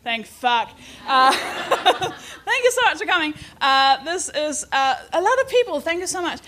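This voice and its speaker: A woman's voice: sits high, big pitch swings, unhurried, bright, forceful tone, some chatter behind, slight background noise. A woman hosting a live podcast before an audience, chatting, giggling and swearing as she mocks herself. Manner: giggly, swearing, self-mocking. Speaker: podcast host.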